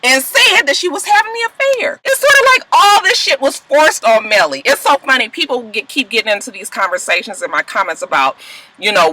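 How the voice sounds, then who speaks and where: A young woman vlogger casually recapping TV episodes in an animated, profane and sassy way. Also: a little high, poor audio.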